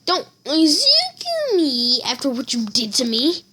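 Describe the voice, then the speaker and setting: A woman voicing an excitable young man hero in casual fan storytelling. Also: sits high, a little slow, pitched above the performer's own voice, heavily acted.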